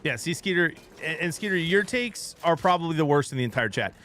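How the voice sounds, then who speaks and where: Male streamer, casual live chat, slightly high voice, gets worked up fast. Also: a little hiss or hum. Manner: animated, gets worked up arguing sports; talks to chat between gameplay.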